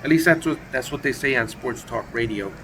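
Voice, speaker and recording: A man's voice: mid-range voice, fairly quick, fairly bright tone, a little hiss or hum. A man calling play-by-play for a simulated baseball game on his own, casual and chatty, with asides and self-corrections. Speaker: play-by-play commentator.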